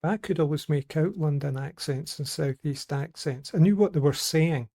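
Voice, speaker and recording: A man's voice: a little high, normal speed, mellow. A Scottish man chatting casually on a podcast, telling rambling anecdotes. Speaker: podcast regular. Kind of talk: casual group chat.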